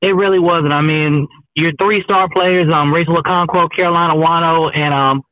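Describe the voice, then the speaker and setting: Male phone-in guest, tinny line with wind noise, relaxed and chatty. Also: on the high side, normal speed, dry recording. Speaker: guest sports reporter. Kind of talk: casual phone-in chat. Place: on the road, heading to work.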